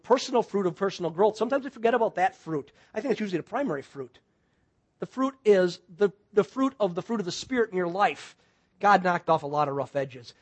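A man from Wisconsin, a pastor preaching a sermon, telling a story in an animated way and acting out the people in it. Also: high-pitched.

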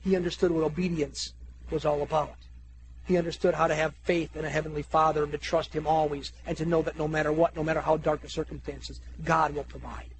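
A pastor telling a story in a sermon, dramatic, and slowing down to stress repeated phrases. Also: male voice, fairly high pitch, flat delivery, noisy background. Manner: dramatic retelling, slows down for emphatic repeated phrases.

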